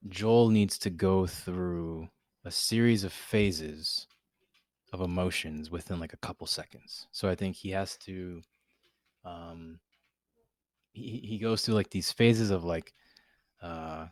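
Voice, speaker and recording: A man co-hosting a casual podcast chat, earnest and halting with many fillers. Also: deep voice, fairly even intonation, a little mellow, no room sound. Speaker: podcast co-host.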